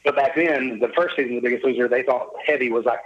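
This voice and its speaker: A man's voice: mid-range voice, steady tone, quick pace, muffled recording. A middle-aged man, telling his life story as a guest in a casual interview. He is upbeat and jovial and acts out the lines of the people he quotes. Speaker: podcast guest.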